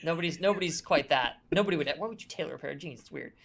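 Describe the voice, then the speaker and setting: Gm running a horror tabletop game, rambly and casual, mid pitch. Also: rapid-fire, vocal fry, a bit bright, highs cut off, a little hiss or hum. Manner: loose and chatty, with fillers and restarts. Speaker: game master.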